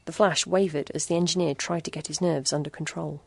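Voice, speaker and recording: A woman narrating a short story in a measured, even storytelling manner. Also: sits low, vocal fry, a little hiss or hum. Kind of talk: scripted narration.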